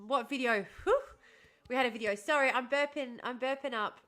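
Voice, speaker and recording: Woman streamer chatting w her viewers, high bright voice, laughs a lot, kinda sarcastic. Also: a little fast. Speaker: livestream host reading chat. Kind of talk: casual livestream chat.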